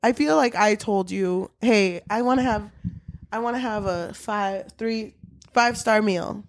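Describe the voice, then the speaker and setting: A woman's voice: mid-range voice, measured pace, dry recording. A woman co-hosting a casual book-review chat, retelling the story with a lot of swearing and laughter. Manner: profane, animated retelling with laughs. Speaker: podcast co-host.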